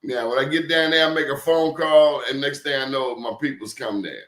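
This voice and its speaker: Animated, emphatic man in a roomy echo. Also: mid-range voice, a little fast. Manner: emphatic, animated storyteller with blunt slang. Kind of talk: casual conversation.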